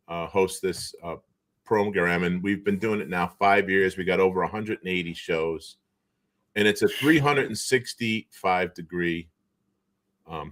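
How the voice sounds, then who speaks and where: Middle aged boston guy on a video call, lowish voice, tells stories and does everyone's voices. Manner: animated storyteller who acts out quoted voices. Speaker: guest. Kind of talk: storytelling in casual chat.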